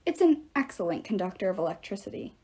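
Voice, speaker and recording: A woman's voice: medium pitch, very animated, fast, dark tone, breathy edge, voice pushed down. A woman voicing a teenage boy hero, urgent and defiant.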